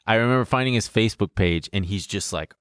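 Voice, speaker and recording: A young man casually telling a story in an animated way, laughing and swearing as he goes. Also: fairly low pitch, quick pace, smooth, no echo, studio quality.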